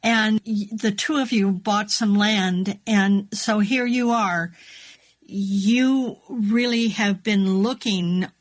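Slow-spoken woman radio host. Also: medium pitch. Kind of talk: interview.

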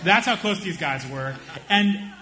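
A young man doing stand-up, telling a story in an animated way and slipping into the voices of the people in it. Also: sits high, unhurried. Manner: animated, acts out voices of friends and strangers. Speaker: stand-up comedian.

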